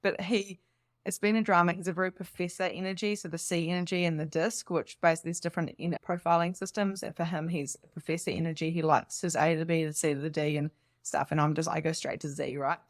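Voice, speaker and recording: A woman's voice: lowish voice, fast, no echo. Chatty laughing woman, dry close sound. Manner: chatty and rambling, laughs often; animated and enthusiastic. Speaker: spiritual coach. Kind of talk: casual unscripted monologue.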